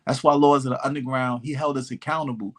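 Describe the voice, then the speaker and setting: A man's voice: mid-range voice, fast talker. A man in his fifties, a rapper and elected official, telling stories as a podcast guest and acting out the people he quotes. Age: 50s. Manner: animated storyteller who acts out quoted voices. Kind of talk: casual storytelling interview.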